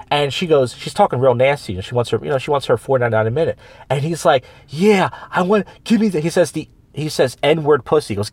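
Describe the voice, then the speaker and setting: A man hosting a casual podcast, talking at a quick clip through long, winding stories. He keeps restarting sentences and slips into quoted voices of other people. The sound is close and dry, with no room around it. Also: mid-range voice, a little mellow, dry recording. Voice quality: rambling storyteller with many restarts and quoted voices. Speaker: podcast host, open mic comedian. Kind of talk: casual chat. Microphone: studio microphone.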